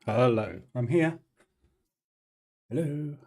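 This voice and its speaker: Man, live-stream market commentary, chatty and rambling, many fillers, mid-pitched voice, faulty mic. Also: expressive, slow, creaky, a little mellow. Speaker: trading stream host.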